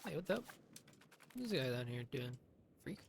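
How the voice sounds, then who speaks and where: A man's voice: mid-range voice, very animated, moderate pace, creaky, a little hiss or hum. A man doing live commentary on his own strategy game, talking to himself in a sarcastic, swearing way. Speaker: streamer.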